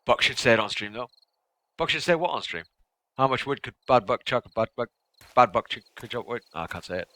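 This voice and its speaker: Goofy, lively-voiced male game streamer. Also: medium pitch, fairly quick. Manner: goofy, rambling, playing with tongue twisters. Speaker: gaming streamer. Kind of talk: playful live-stream chatter.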